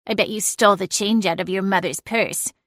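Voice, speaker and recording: A woman's voice: medium pitch, steady tone, brisk, a bit bright, no echo, clean studio sound, natural voice. A woman voicing a snarky, nosy female talking cat in an audiobook, grumbling and blunt. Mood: interrogating. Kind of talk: audiobook character voice.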